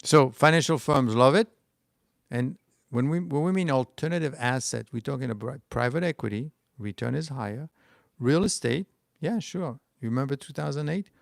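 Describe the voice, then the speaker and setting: This stock market host, a middle-aged man with a French accent, rambles through his livestream, breaking off and restarting as he replies to chat comments. His mid-range voice carries vocal fry at a moderate pace, in studio-quality audio without room sound.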